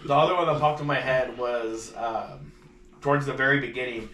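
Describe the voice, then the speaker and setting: A man's voice: medium pitch, normal speed, sharp tone, a little hiss or hum. A man co-hosting a casual movie review podcast, laughing and swearing as he talks. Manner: profane, laughing, self-mocking. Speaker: podcast co-host. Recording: echoey room, mic at a distance.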